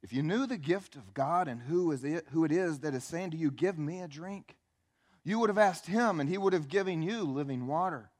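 A man voicing Jesus as a calm, authoritative man, with a measured delivery. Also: a little high.

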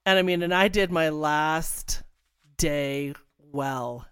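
A woman in casual chat, telling a lively story and laughing often. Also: low-pitched, takes it slowly, clear, resonant tone, no echo, studio quality.

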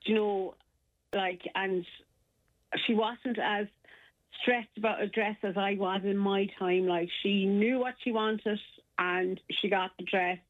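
A woman's voice: medium pitch, steady tone, a little slow. A middle-aged Irish woman rambles happily through old memories, full of "like" and "you know". She comes through a tinny, phone-like line. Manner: chatty, warm reminiscing with many fillers. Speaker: caller. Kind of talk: casual phone chat.

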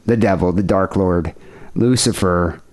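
A man's voice: sits low, a little slow, a little mellow. A man hosting a podcast, joking and rambling in casual banter. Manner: rambling, joking, lots of fillers. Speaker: podcast host.

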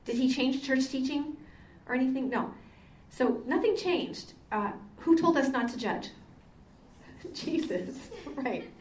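This older woman is a Catholic sister whose high, slightly mellow voice moves slowly but with lively intonation. She delivers a chatty lecture built on anecdotes, often saying um. A far-off mic in an echoey meeting hall picks her up, with slight background noise.

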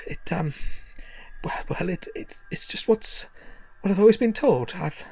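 A man's voice: high voice, animated, unhurried, gravelly, darkish tone, breathy edge, no room sound, pitched above the performer's own voice, full character voice. A man voicing a nervous, pompous male son of an archangel who stammers and boasts. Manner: stammering, boastful then timid.

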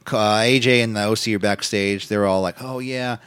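Low-voiced man recapping wrestling casually. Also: steady tone, brisk, a bit bright, clear, resonant tone, no room sound. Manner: loose, profane, acts out quotes in silly voices. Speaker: podcast co-host.

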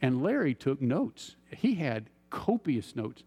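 A man preaching a sermon as an animated storyteller, acting out his own reactions. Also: mid-range voice, takes it slowly, slightly rough. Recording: long hall reverb.

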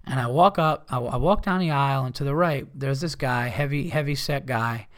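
A man's voice: mid-range voice, moderate pace, a bit bright. Rambling, profane man telling a story. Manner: rambling, swears often, heated. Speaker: podcast host.

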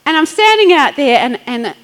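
A middle-aged woman preaching a sermon as a pastor. She tells stories in a chatty way, acting out little quotes and laughing along. Her voice sits fairly high. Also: very animated, normal speed, fairly bright tone, rough recording.

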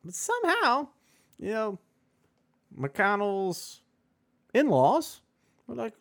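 A man's voice: sits high, huge pitch swings, slow, gravelly, pauses often, fairly bright tone. A man co-hosting a podcast in casual chat, rambling and sarcastic with many fillers. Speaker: podcast co-host.

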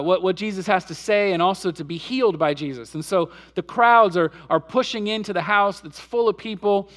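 Male pastor with a high voice, preaching a storytelling sermon that swings between hushed and emphatic. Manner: storytelling preacher, swings between soft low passages and louder emphatic peaks.

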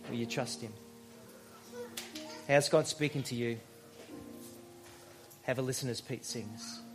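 A man preaching a sermon as a pastor, conversational, telling stories and pausing for emphasis. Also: mid-range voice, music in the background. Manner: conversational, storytelling, with emphatic pauses.

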